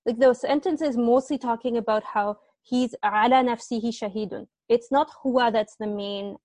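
A woman's voice: on the high side, normal speed, a little mellow, no echo. A young woman teaching assistant explaining grammar in an online tutorial, hesitant and often apologizing.

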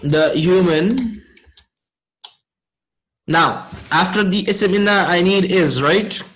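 A man teaching a class, explaining slowly and checking in with his students often. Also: high-pitched, sharp tone, rough recording. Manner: slow, deliberate explaining. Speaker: Arabic grammar teacher.

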